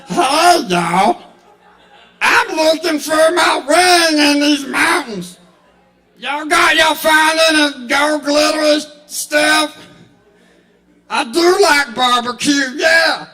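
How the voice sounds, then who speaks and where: A man putting on a whiny, shouting hillbilly cave creature, frantic for gold. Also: extremely high pitch, slow pace, voice pushed up, full character voice, poor audio. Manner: shouting, whining, near tears.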